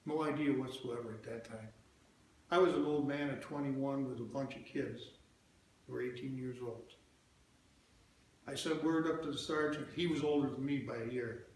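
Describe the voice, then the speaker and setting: A man's voice: mid-range voice, steady tone, normal speed, slight background noise. Folksy older man in an echoey church. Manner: folksy, plain-spoken, with asides to the audience. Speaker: church speaker. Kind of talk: storytelling talk to a congregation. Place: church hall. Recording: very echoey church hall, faint ambience.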